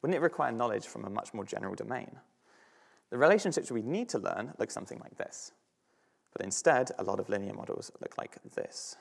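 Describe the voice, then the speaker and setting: A man's voice: lowish voice, expressive, fairly quick, vocal fry, husky. A man with a British accent giving an academic talk on slides, thinking aloud with frequent fillers and restarts. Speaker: student speaker.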